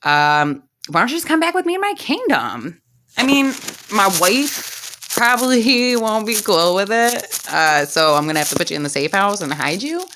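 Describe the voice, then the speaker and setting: A woman's voice: mid-range voice, big pitch swings, normal speed, fairly bright tone, slight background noise. A woman voicing a careless, philandering fairy-tale king who talks in a casual, slangy way. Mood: coaxing.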